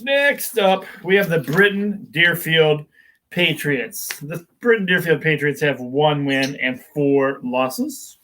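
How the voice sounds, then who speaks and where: A man's voice: on the high side, slow, fairly bright tone, low-quality recording. A man hosting a casual local sports show, rambling through predictions with many restarts and "uh"s. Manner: rambling, with frequent fillers and restarts.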